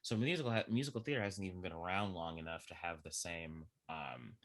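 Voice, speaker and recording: A man chatting as a podcast guest, animated and laughing often, swinging from loud bursts to low murmurs. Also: fairly quick. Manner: laughs often mid-sentence. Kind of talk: casual chat.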